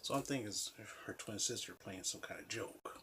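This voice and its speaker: A man's voice: on the low side, normal speed, bright, forceful tone, slight background noise. A man telling a personal story in a casual, rambling way, full of "you know" fillers and blunt, profane asides. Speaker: vlogger.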